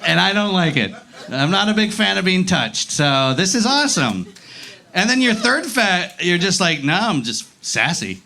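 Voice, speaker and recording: A man's voice: sits high, sing-song, normal speed, vocal fry, sharp tone. A man doing a profane, rambling stand-up set on a comedy club stage, acting out voices as he goes.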